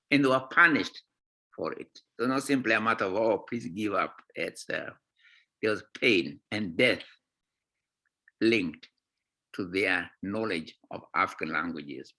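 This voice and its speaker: A man's voice: fairly low pitch, sharp tone. A man from Kenya, a guest author speaking passionately in a conversation series, often checking in with listeners by asking "eh?" and "right?". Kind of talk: impassioned talk in a conversation series.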